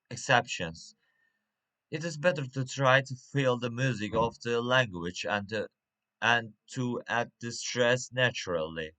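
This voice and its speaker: Slow, halting man teaching word stress. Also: medium pitch, sharp tone. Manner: halting, with many uhs and restarts. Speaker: English teacher. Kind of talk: reading a pronunciation lesson.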